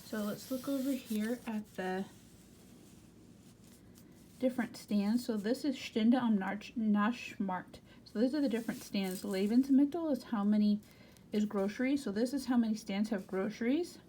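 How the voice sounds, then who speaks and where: A German lesson from an American woman from the United States: she reads textbook German aloud and gives a plain English explanation of each word. Her voice is medium-pitched and dark, moving at a moderate pace, over faint background noise.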